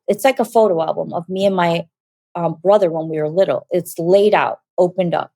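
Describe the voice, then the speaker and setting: A woman with a low, grounded voice tells a personal testimony, animated and vivid. She acts out the voices of the people she quotes, and the sound is close and dry with no room around it. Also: no room sound. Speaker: guest giving a testimony.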